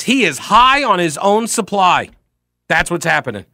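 A man hosting a call-in talk radio show, talking in an animated, emphatic way with frequent restarts. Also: high-pitched, normal speed. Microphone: studio microphone.

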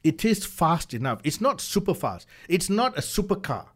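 A man chatting casually as a car reviewer, animated and often repeating words as he builds a point. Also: a little high, normal speed, breathy edge. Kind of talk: casual chat.

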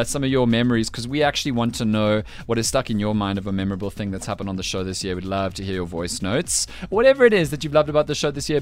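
A man's voice: medium pitch, a little hiss or hum. A man from South Africa hosting a breakfast radio show, chatty and teasing in his links.

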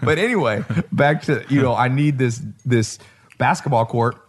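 A man hosting a podcast in casual chat, telling stories with lively acted-out quotes. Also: medium pitch, measured pace, slightly rough. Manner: animated storyteller who acts out quotes and laughs. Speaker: podcast host.

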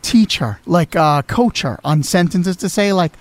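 A man's voice: high voice, expressive, measured pace, no room sound. Blunt young man, dry close sound. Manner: blunt, crude joking. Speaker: podcast intern co-host. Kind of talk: casual chat.

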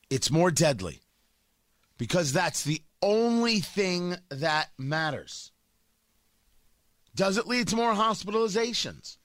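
A man's voice: fairly high pitch, big pitch swings, unhurried, a bit bright, no echo. A middle-aged man hosting a talk radio show, giving a brash, emphatic monologue with joking asides into a studio microphone.

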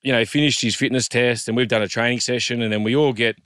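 Fast-talking Australian man, dry sound. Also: medium pitch, fairly even intonation, fairly bright tone, smooth, no room sound. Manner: chatty, matey, rambling with restarts. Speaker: podcast co-host, former rugby league player. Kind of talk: casual storytelling.

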